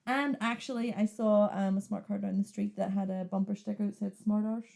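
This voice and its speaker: A woman, co-hosting a casual podcast and telling stories in an animated way. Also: mid-range voice, a little fast, gravelly. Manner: animated storyteller, acts out voices, laughs often. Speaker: podcast co-host. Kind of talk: casual chat.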